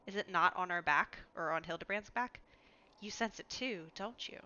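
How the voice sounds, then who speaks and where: A woman's voice: fairly low pitch, normal speed, pushed and bright, muffled recording. A woman streaming a game from home, chatting casually, laughing often and talking to her cat. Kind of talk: casual chat while playing a game.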